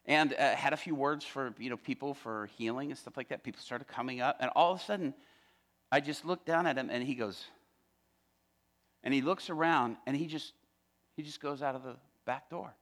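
A male pastor telling a story in a sermon, animated and acting out every character's lines. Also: medium pitch, normal speed.

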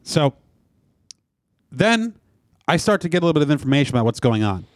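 A man's voice: fairly high pitch, fairly quick, dry recording. Man telling a story, close dry mic. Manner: animated storytelling, profane. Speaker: podcast co-host. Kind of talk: casual chat.

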